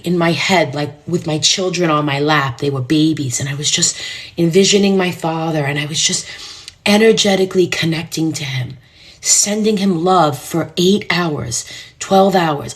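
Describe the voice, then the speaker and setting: Middle-aged new woman telling a heavy personal story on a live stream, low voice, earnest, goes soft and whispery sometimes. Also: normal speed. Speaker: numerologist hosting a live stream. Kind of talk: emotional storytelling to live viewers.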